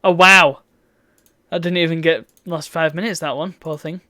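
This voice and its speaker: A woman's voice: sits low, steady tone, normal speed, pushed and bright, dry recording. A woman chatting through a live game stream, with exasperated outbursts at the game. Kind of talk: live gameplay commentary.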